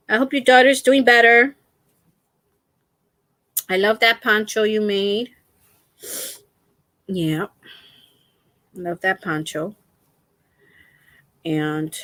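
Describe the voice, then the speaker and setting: A woman's voice: mid-range voice, fairly bright tone, dry recording. Chatty middle-aged woman live-streaming at home. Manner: chatty, laughs often while telling stories. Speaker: crochet channel host. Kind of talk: casual live-stream chat. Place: at home, lying down with feet raised. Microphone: laptop.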